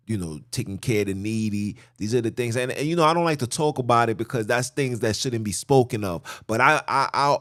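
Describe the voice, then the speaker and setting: A man hosting a podcast in casual religious talk, telling stories in an animated way with street slang. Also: fairly low pitch, no room sound, clean studio sound. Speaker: podcast host.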